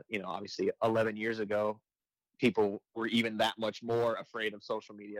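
Low-voiced man telling a story. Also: no echo, low-quality recording. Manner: rambling, many restarts and fillers. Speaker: firefighter and internet comedian. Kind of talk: casual interview storytelling.

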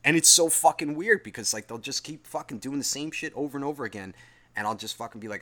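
A man's voice: mid-range voice, fast, sharp tone. A man hosting a solo podcast who reads out listener email, then rambles and swears heavily as he gets worked up. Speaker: podcast host.

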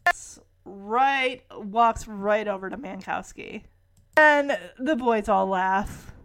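A woman's voice: medium pitch, slow pace. A woman casually recapping a TV episode, with sarcastic, amused asides.

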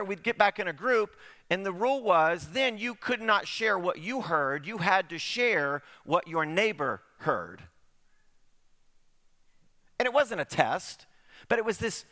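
A man's voice: sits high, pushed and bright. A middle-aged man preaching a conversational sermon, full of rhetorical questions. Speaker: pastor.

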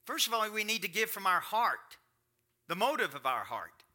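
Preaching a sermon, a middle-aged male pastor starts out chatting conversationally with his congregation and then swings into rising, emphatic delivery. He has a high, very animated voice with a bright, forceful tone at a moderate pace.

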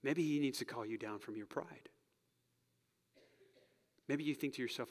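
A man's voice: mid-range voice, moderate pace, long pauses. Earnest male pastor in echoing hall. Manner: earnest, swings from loud urging to soft whispers. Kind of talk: sermon and closing prayer. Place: church sanctuary. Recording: long hall reverb.

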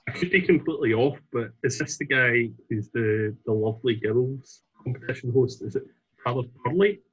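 A man's voice: mid-range voice, expressive, normal speed, husky, highs cut off. A Scottish man taking part in a casual quiz, rambling and hesitant as he answers. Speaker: quiz contestant. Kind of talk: casual chat.

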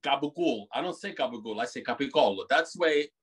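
A middle-aged man born in Italy, a bakery owner, talking in an animated, rambling way with many restarts on a video call. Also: on the high side, fast talker, husky. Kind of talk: casual interview over a video call.

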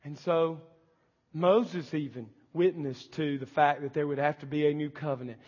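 Male pastor, fervent pulpit delivery, pitched high, dull sermon tape in a reverberant church. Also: fairly even intonation, normal speed, darkish tone. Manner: impassioned preaching, acting out pleading prayers. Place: church sanctuary.

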